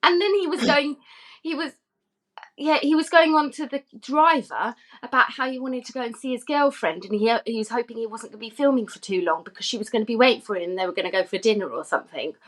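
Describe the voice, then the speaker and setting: A woman's voice: on the high side, quick pace, fairly bright tone. Woman, podcast guest, chatty, giggly, rambling storyteller. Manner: chatty, giggly, lots of fillers. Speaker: podcast guest, former film extra. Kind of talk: casual chat, anecdote.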